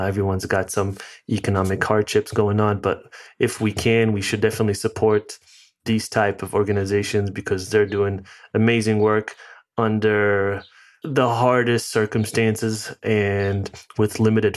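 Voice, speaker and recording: A man's voice: on the low side, flat delivery, measured pace. A man with an American accent hosting a podcast, talking in a rambling, casual way full of fillers. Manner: rambling, filler-heavy, chatty. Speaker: podcast host.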